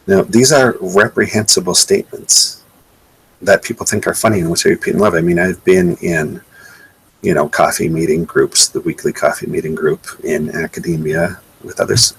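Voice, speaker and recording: Deep raspy guy ranting sarcastically in a webcast talk, lots of restarts. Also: a bit bright, poor audio. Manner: indignant, sarcastic, repeating himself. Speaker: presenter. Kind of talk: live webcast slideshow talk.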